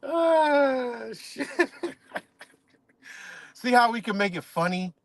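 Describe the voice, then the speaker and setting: A man with a high voice hosts his livestream in a heated, profane rant, mocking and cursing at someone. The sound is dry and close, with no room around it. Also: lively intonation, slow pace, dry recording. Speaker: livestream host.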